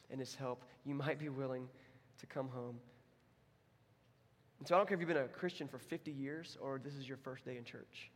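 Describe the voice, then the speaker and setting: Speaking from a church sanctuary, a young pastor gives a sermon full of stories, keeping it conversational and swinging widely as he voices quotes. His voice is a bit high for a man, and the hall's long reverb follows every phrase.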